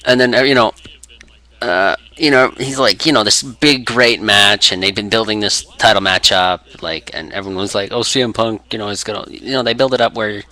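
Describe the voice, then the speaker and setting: A man's voice: on the low side, normal speed, sharp tone. A man rambling casually through a story, full of fillers and restarts. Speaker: wrestling fan.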